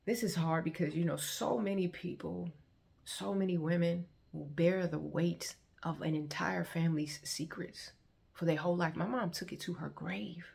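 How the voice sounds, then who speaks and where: A woman telling her life testimony straight to her viewers, earnest and heartfelt. Her voice has a gravelly, creaky edge, and she slips into the voices of the people in her story as she retells it. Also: fairly low pitch, normal speed, a little mellow. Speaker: vlogger sharing her testimony. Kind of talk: personal testimony, conversational storytelling.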